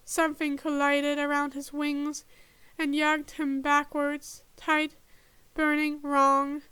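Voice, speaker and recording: A woman reads a fan-written story in a slow, measured way. Her voice is high and bright but stays level in pitch. The recording is close and dry. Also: no echo. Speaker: podfic reader. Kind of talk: reading fanfiction aloud.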